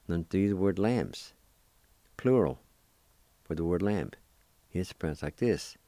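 Male radio host teaching vocabulary, low and unhurried, dark dry close-mic voice, repeats each word carefully. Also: animated, no room sound. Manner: spells and repeats words syllable by syllable. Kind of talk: slow spelled-out word lesson.

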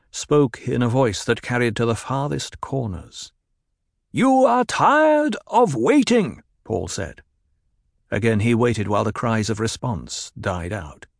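A man reading a novel aloud in an even, measured narration. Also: fairly low pitch, vocal fry, dry recording, clean studio sound. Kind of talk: scripted audiobook narration.

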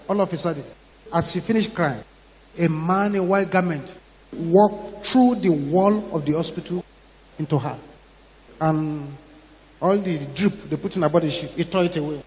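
A man with a Ghanaian English accent preaching a sermon, telling a story dramatically, acting out the voices in it and rising to shouts. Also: fairly high pitch, normal speed. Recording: long hall reverb.

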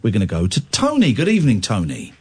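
A man's voice: on the low side, wildly swooping pitch, quick pace, slightly rough. A man hosting a late-night radio phone-in, teasing and arguing with his callers.

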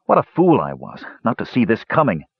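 A man voicing a big young man, the glum eldest brother, who groans and speaks low. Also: wildly swooping pitch, fairly quick, creaky, husky, no echo, exaggerated voice. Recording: dull lo-fi recording.

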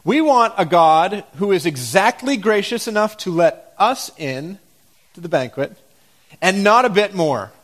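A man's voice: high-pitched, lively intonation, a little slow, fairly bright tone. A man preaching a sermon, reading scripture aloud and asking the congregation reflective questions.

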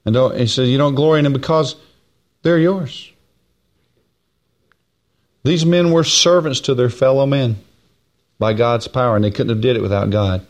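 A man preaching a folksy Bible-teaching sermon, stretching key phrases slowly and swinging from raised, high stresses to hushed, low asides.

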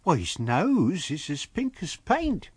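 A man voicing an excitable village clockmender who exclaims in a raised voice. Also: fairly high pitch, slow pace, husky, no echo, pitched above the performer's own voice, heavily acted. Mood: astonished.

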